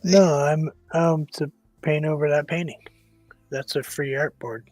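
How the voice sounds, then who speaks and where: A man's voice: fairly high pitch, fairly even intonation, a little slow, darkish tone, dry recording, faint music behind. A man in his fifties co-hosting a casual chat over a video call, talking in a dry, teasing way. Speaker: co-host.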